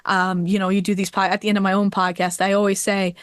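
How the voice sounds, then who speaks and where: A woman guest on a podcast telling a heartfelt personal story, animated and quick to laugh, getting choked up. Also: mid-range voice, clear, resonant tone, no echo, clean studio sound.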